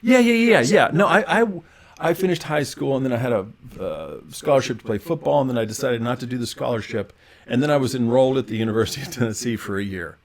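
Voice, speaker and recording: A middle-aged man with a medium, everyday pitch spins animated stories as a podcast guest. He jumps in, restarts his sentences and keeps the anecdote rolling in a relaxed, conversational way. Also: fast, vocal fry. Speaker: podcast guest, actor and writer. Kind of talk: casual storytelling interview.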